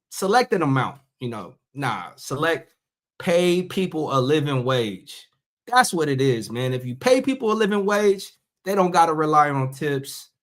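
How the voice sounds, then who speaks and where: A man's voice: a little high, fairly bright tone. Man musing in a loose casual monologue. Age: middle-aged. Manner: conversational, drawn-out emphatic phrasing. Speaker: podcast host.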